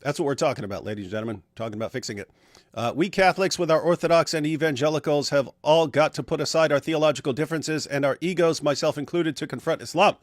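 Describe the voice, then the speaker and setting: A man hosting a livestream who briskly reads out viewer comments and jokes with his guests. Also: fairly high pitch, no room sound, clean studio sound. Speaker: livestream host. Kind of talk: casual livestream chat, reading viewer comments.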